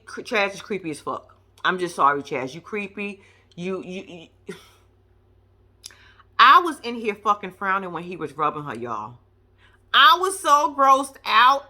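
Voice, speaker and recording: A medium-pitched woman recaps reality TV in casual commentary. She's blunt and profane, telling her stories with animated energy.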